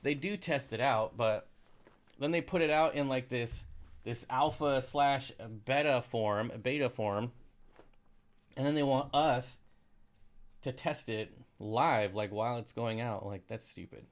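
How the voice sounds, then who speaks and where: A man's voice: medium pitch, unhurried. Man, live stream host, casual rambling talk, sarcastic, grumbling. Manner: rambling, sarcastic, easily frustrated. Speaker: aquarium channel live streamer. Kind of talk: casual live stream chat reading comments.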